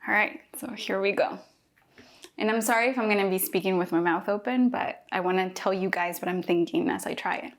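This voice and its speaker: Woman from Mexico, young adult, chatty and excited, casual tasting vlog, talks while eating. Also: medium pitch, fairly quick. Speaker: cooking vlogger.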